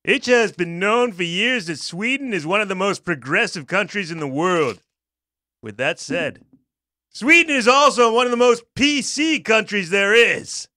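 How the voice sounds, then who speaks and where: A man's voice: high voice, animated, a little slow, sharp tone, no echo, clean studio sound. A man co-hosting a casual comedy show, reading a listener's message aloud and riffing on it with frequent laughs. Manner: jokey, reads aloud and riffs, laughs often. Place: studio.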